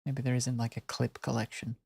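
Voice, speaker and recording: A woman's voice: extremely low pitch, level tone, fairly quick, vocal fry, darkish tone, slightly rough, dry recording. A young woman streaming, giving casual, rambling, sarcastic commentary.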